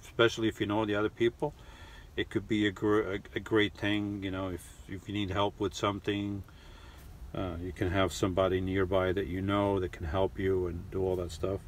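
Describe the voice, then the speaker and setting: A middle-aged man hosting a casual live chat, rambling and halting with lots of restarts and fillers. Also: on the low side, a little mellow, a little hiss or hum. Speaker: live stream host reading chat. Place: lives in New York.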